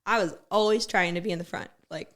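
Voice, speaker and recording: A woman's voice: lowish voice, quick pace. A woman, a former military gunner, telling blunt, profane stories in a casual podcast chat. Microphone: studio podcast mic.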